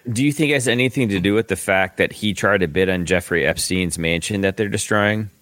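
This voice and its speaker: A man on a casual sports podcast, chatting about sports news in a lively way. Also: sits low, fairly quick, dry recording.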